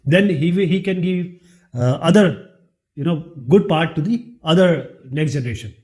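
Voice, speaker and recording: A man's voice: on the high side, moderate pace, a little mellow. A man with an Indian English accent teaching a lesson, asking rhetorical questions and then answering them himself. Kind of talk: classroom lecture.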